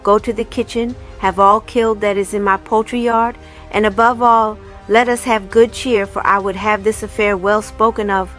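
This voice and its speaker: Foolish old male king, boisterous, exuberant, loud, voiced by a woman. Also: mid-range voice, steady tone, normal speed, soft background music, close to an everyday voice. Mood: jubilant.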